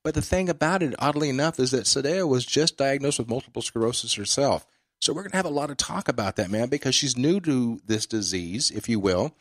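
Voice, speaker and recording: A man hosts a casual podcast chat and spins long anecdotes, circling back with plenty of filler words. His voice sits at a middle pitch. It is recorded dry and close, with no room around it. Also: animated, brisk, no room sound. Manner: storytelling, rambling with many fillers. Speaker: podcast host.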